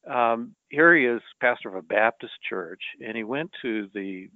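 A male journalist, a guest in a conversation, retelling anecdotes in a measured, storytelling way. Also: medium pitch, no echo. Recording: tinny phone-like line, dry.

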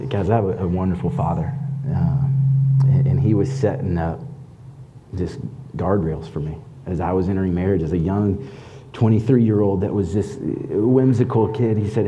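A man sharing a personal faith testimony in an earnest, halting way, with many fillers and restarts. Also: sits low, warm tone, muffled recording, a little hiss or hum.

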